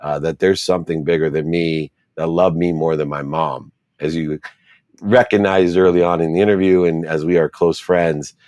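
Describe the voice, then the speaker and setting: Deep-voiced man telling his story earnestly. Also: fairly even intonation, normal speed, a little mellow, dry recording. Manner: earnest, repeats words for emphasis. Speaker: interview guest. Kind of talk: reflective storytelling in an interview.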